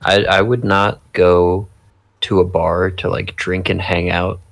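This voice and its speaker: A man's voice: low-pitched, level tone, slow pace, creaky. A young man in his twenties co-hosting a podcast, laid-back and self-deprecating, laughing often. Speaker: podcast co-host. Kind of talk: casual chat.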